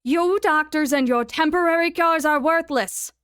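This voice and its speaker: A woman's voice: high-pitched, normal speed, a bit bright, no room sound, pitched above the performer's own voice. A woman voicing a fanatical male villain who speaks with raised, sneering scorn.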